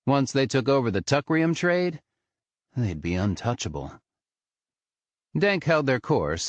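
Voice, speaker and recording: A man narrating an audiobook in an expressive, storytelling manner. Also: mid-range voice, dry recording. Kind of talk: scripted narration.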